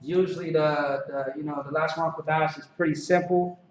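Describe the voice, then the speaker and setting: A man teaching a language class in a relaxed, halting way, with many fillers and restarts. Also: on the high side. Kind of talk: casual classroom instruction. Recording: echoey, distant, dull lo-fi recording with some noise.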